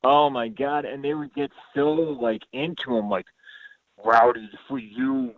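A man's voice: mid-range voice, normal speed, dry recording, phone-quality sound. A man guest on a podcast, chatting enthusiastically with lots of fillers. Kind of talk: casual chat.

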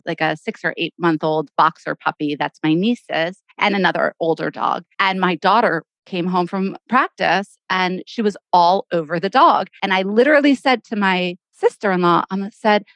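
A woman's voice: on the low side, normal speed, hardly any pauses, a bit bright, no room sound. A woman co-hosting a casual chat show, answering with supportive, reflective stories of her own. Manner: supportive listener, reflective, plays out quotes. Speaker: podcast co-host.

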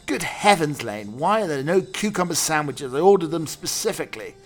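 A man's voice: fairly high pitch, expressive, a little fast, voice pushed up, natural voice. A man doing a drawling, indignant Victorian toff.

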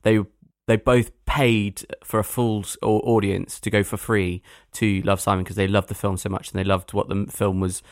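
A man co-hosting a casual film podcast, relaxed and laughing often. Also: lowish voice, moderate pace. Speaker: podcast co-host. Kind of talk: casual chat.

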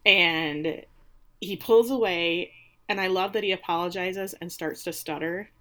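A woman's voice: fairly low pitch, measured pace, slight background noise. A woman in casual conversation, animatedly retelling a show's plot and acting out the characters' lines. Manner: animated, acts out the characters' lines in dramatic voices. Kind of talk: casual recap chat.

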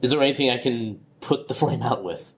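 A man's voice: mid-range voice, a little fast. A man playing in a tabletop role-playing game, puzzled and full of questions. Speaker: player. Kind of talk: casual game chat. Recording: roomy room with faint noise.

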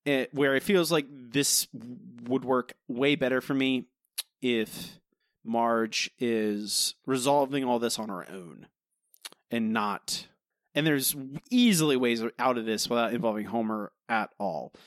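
Taking it slowly in a medium-pitched voice, a man co-hosting a podcast reviews an episode. The chat is casual and wandering, with many fillers and restarts, captured as clean studio sound without room sound.

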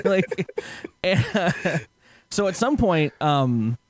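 Guy on a podcast telling a wild story, super lively voice, laughs a lot, dry close mic. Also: high voice, drawn-out words, dry recording. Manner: animated, laughing, acts out quotes loudly. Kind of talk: casual storytelling chat.

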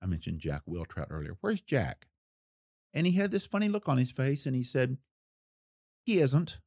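An older man and former investigator telling a case story in a folksy, unhurried way with a wry edge. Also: mid-range voice, huge pitch swings, a little mellow, dry recording, clean studio sound. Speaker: retired federal investigator recounting a case. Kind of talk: storytelling interview.

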